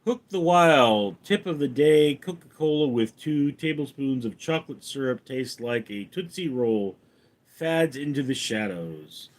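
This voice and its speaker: A man hosting a casual livestream, reading out viewers' names and comments and answering them, calling the names out louder and higher than his replies. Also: animated, a little slow. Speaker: streamer reading viewer chat; actor.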